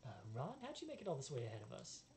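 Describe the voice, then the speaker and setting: A woman's voice: low voice, wildly swooping pitch, rapid-fire, warm tone, slight background noise, full character voice. A woman playing a wheedling merchant man. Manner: wheedling salesman patter. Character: sly fast-talking male merchant trader.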